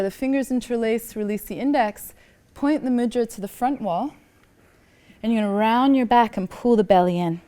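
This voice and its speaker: Soft-spoken woman leading a yoga class. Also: on the high side. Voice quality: calm, encouraging cueing, often soft. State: slightly out of breath. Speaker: yoga teacher. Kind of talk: guided yoga class instruction.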